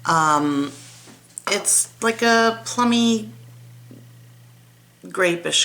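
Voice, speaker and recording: Chatty rambling woman, slow and bright. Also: fairly low pitch, a little hiss or hum. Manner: chatty, rambling, self-deprecating, trails off and restarts. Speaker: beauty vlogger. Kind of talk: casual product review chat.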